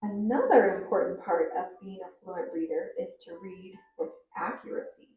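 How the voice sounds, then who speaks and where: A woman teacher explaining reading fluency in a clear, measured way and reading a story aloud to show it. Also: fairly low pitch, a little mellow, lo-fi sound. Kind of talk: reading instruction with read-aloud demos. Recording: roomy, distant recording.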